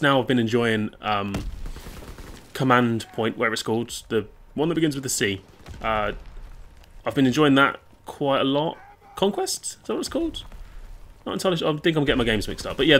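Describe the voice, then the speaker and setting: A man's voice: mid-range voice, a bit bright, a little hiss or hum. A young man chatting casually and rambling over gameplay, swearing and reacting aloud to the game. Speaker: gaming YouTuber.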